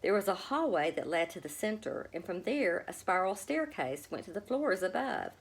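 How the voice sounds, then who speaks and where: Lively woman reading a storybook aloud. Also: mid-range voice, moderate pace, vocal fry, slightly rough. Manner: expressive, gentle reading of a children's story. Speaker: storybook reader. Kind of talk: storybook read-aloud narration.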